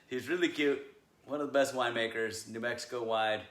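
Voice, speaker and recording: A man's voice: medium pitch, lively intonation, measured pace, fairly bright tone. Joking man in an echoey room. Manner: laughs often, loose and joking. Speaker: winery co-owner podcast host. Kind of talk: casual chat.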